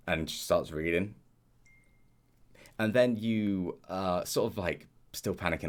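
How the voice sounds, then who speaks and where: A man narrating a tabletop game as game master, relaxed and rambling with many hesitations. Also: deep voice, a little slow, long pauses.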